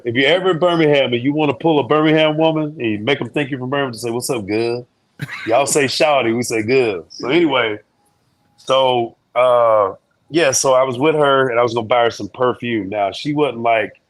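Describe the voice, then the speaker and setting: A man tells a story as an interview guest, joking and slangy, with lively energy. His pitch sits in an ordinary middle range. The sound is close and dry, with no room echo. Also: a little fast.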